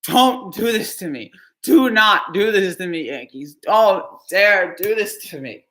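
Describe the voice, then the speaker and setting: A man anxiously reacting live to a ballgame, pleading and sighing heavily as the pitches come in. His voice is bright and edgy and swings widely in pitch. The room adds a noticeable echo. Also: expressive, measured pace. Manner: anxious, pleading, heavy sighs. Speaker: sports fan streamer. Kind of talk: live game reaction stream.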